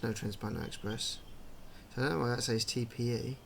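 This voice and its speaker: A man talks through a game in a loose, chatty way, wondering aloud at what he sees. His voice has a gravelly edge and sits at an ordinary pitch. Steady noise hums behind him throughout. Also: brisk. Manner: chatty, musing aloud, puzzled asides. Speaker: gaming channel host. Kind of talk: casual game commentary.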